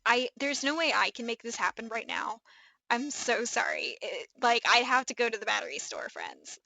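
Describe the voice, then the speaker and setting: A young woman with a Midwestern accent chatting on a live stream, excitable and gushing, rambling with lots of fillers. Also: on the high side, normal speed, creaky, poor audio. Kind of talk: casual live-stream chat.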